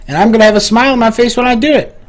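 A man's voice: very high voice, very fast, music in the background. A young man hosting a casual gaming session, often sighing and exasperated with his teasing partner. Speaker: channel host and gamer.

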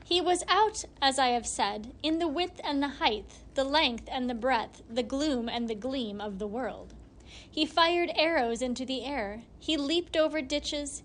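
Woman reading a fairy tale aloud. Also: high voice. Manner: steady, measured narration. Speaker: reader.

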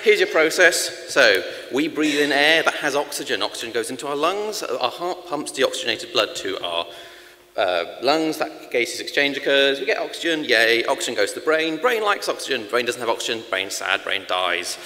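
A man giving a quick, jokey lightning talk on first aid at a conference, with dry asides. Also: medium pitch, sing-song, pushed and bright. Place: large conference hall. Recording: long reverb of a conference hall.

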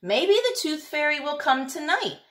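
A woman voicing a caring mother shark in a storybook, gentle in tone. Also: high-pitched, very animated, normal speed, voice pushed up.

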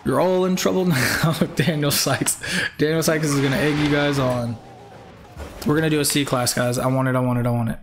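A man's voice: medium pitch, steady tone, brisk, crowd noise. A young man hosting a live game stream in casual chat, greeting viewers by name and firmly repeating himself.

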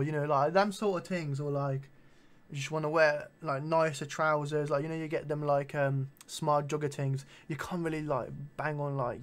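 A young man chatting casually in a vlog, full of slang and swearing as he shows off his shoes. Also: fairly high pitch. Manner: animated slangy banter with frequent swearing. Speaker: vlogger. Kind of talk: casual chat showing his shoe collection.

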